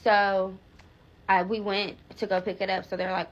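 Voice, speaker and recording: A woman's voice: medium pitch, level tone, normal speed, highs cut off. A young woman telling a rambling storytime, filler-heavy and swearing freely, with frequent restarts. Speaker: vlogger. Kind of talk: casual storytime vlog.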